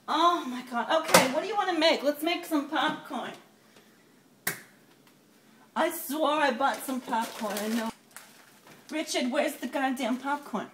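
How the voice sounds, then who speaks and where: A man playing a brash, excitable middle-aged woman with a New York accent who gushes loudly and swears casually in a comedy sketch. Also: extremely high pitch, measured pace, pauses often. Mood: gushing excited. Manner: loud, gushing, swears casually. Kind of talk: comedy sketch character monologue. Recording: echoey room with background noise.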